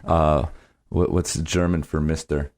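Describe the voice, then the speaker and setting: A man's voice: extremely low pitch, flat delivery, measured pace, darkish tone. A man hosting a podcast interview, chatting casually with joking asides and frequent laughter. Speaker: podcast host.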